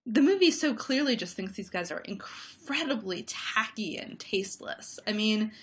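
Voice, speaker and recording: A woman film critic talks over a remote call, giving her views on movies in casual conversation. Her mid-range voice is animated and moderately paced, and her take is thoughtful and analytical, full of fillers.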